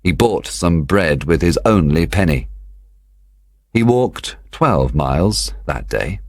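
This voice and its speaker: A man narrating a children's storybook for young learners, slow, clear and expressive. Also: sits low, no echo, studio quality. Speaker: audiobook reader.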